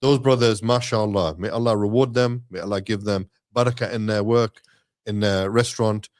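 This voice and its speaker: A man's voice: on the low side, fairly even intonation, normal speed. A man co-hosts a live online show in a loose, conversational way. He rallies viewers and reels off sponsor plugs with growing enthusiasm. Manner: upbeat, rallying listeners, reading sponsor shout-outs. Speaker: co-host of an Islamic live stream. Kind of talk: casual live-stream chat.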